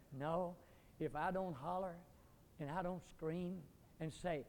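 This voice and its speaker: An older man preaching a fiery revival sermon, swinging from quiet scripture reading to loud shouting. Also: fairly high pitch, fairly even intonation, takes it slowly, pauses often. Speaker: pastor. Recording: echoey hall.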